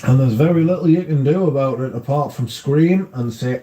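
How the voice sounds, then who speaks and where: Low-key swearing man. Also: normal speed, few pauses, warm tone. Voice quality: swears freely, rambling anecdotes. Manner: chatty, repeats filler words. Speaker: livestream host. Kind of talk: casual chat with viewers.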